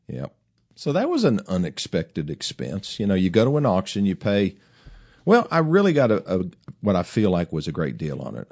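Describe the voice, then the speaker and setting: Folksy low-voiced man with a lively voice. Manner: folksy, rambling, with frequent fillers and restarts. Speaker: host. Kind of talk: casual chat.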